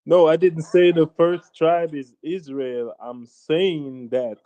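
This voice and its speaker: A man's voice: on the high side, fairly even intonation, slow, dark tone, no echo, dull audio. A man from Jamaica with a Jamaican accent, arguing insistently in a heated debate and talking over the other side. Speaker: debate participant.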